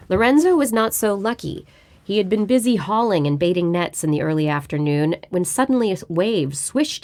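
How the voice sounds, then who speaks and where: Woman storyteller, lower register, measured book reading recorded at home. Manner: steady, measured read-aloud delivery. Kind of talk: reading a book chapter aloud.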